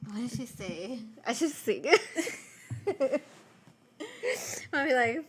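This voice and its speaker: A woman's voice: fairly high pitch, slow, pauses often, husky. A young woman co-hosting a podcast in casual chat, laughing often and swearing freely. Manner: laughing often, profane and animated. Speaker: podcast co-host.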